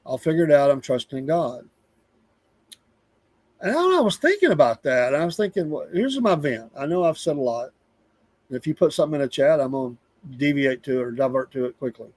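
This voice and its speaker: A man's voice: on the high side, big pitch swings, fast, a little mellow, no echo. A middle-aged man with a Southern US accent hosting a live show, venting in a casual, rambling monologue and repeating himself for emphasis.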